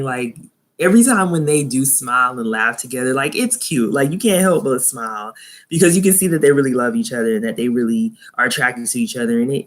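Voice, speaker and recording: Chatty reviewer who laughs a lot. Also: medium pitch. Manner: chatty, laughs often, incredulous asides. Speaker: TV show reviewer. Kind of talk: live casual review commentary.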